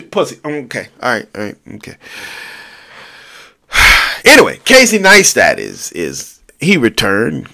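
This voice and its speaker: A man's voice: mid-range voice, gravelly, a bit bright, no room sound. A man hosting a solo podcast, rambling casually with crude jokes and asides to himself. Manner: rambling, jokey, crude asides, talks to himself while scrolling. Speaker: podcast host.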